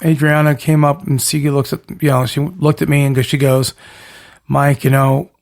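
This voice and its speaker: A man's voice: on the high side, normal speed. Rambling, hyped-up male podcast host. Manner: rambling, energetic hype with catchphrase lists. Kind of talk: casual podcast monologue.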